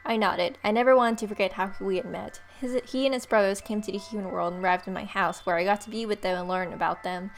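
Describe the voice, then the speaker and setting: A young woman reads a romance visual novel aloud with expression, now and then breaking off for joking asides. Her medium-pitched voice stays steady and fast with hardly any pauses, and faint music plays behind her.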